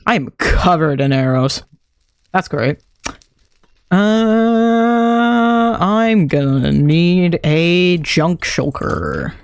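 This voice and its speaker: Unhurried streamer muttering through gameplay. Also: medium pitch, smooth, no echo. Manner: muttering and thinking aloud to self. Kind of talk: casual gameplay commentary.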